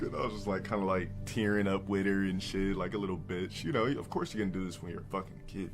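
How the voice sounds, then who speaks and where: A man live-streaming, telling crude stories and giving blunt advice to his chat, often mimicking others in a high, put-on voice. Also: quick pace, few pauses, soft background music.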